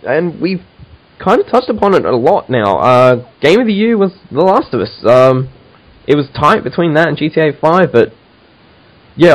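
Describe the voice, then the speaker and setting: An enthusiastic man hosting a casual podcast chat, with a middle-pitched voice. He talks with many fillers, restarts and stumbles. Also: poor audio. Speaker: podcast host.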